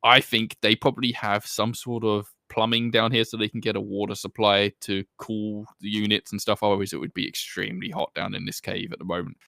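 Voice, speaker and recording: Man, game master, gravelly voice, bright tone, dry close mic, relaxed chatty narration. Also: on the low side, a little fast, hardly any pauses, no echo. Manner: relaxed, chatty, laughs often.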